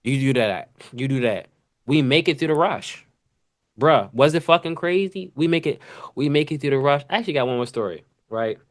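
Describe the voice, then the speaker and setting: Slangy, animated man telling work stories. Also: fairly high pitch, fairly quick. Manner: animated, slangy, acts out kitchen sounds and voices. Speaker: podcast host. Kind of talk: casual storytelling monologue.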